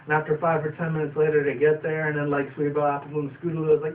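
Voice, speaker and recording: A man's voice: on the high side, monotone, racing. A young man casually reviewing a cartoon episode, rambling with fillers and casual swearing. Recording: distant tinny phone-like sound, faint noise.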